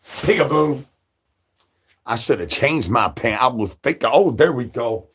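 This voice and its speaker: A husky-voiced man hosts a livestream in the persona of a hungry zombie. He rambles loosely, looping sing-song catchphrases and crude jokes at a mid pitch. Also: expressive, normal speed, fairly bright tone. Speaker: livestream host.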